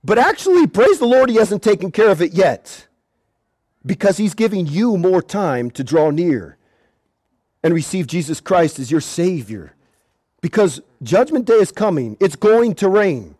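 A male preacher giving an animated evangelistic sermon at an outdoor gathering, repeating words and shouting at times. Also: high-pitched, unhurried, dry recording.

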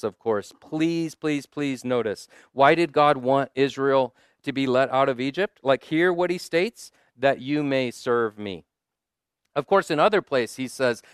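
A man preaching a sermon at a conference in a conversational style, often asking "right?" and slowing down to stress key lines. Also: medium pitch, smooth, no room sound, studio quality.

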